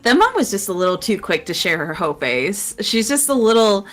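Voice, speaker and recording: A woman's voice: mid-range voice, big pitch swings, fairly bright tone, soft background music. A woman from the United States, a guest streamer, chatting casually and laughing often. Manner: slow, drawn-out reactions with frequent laughs. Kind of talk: casual chat.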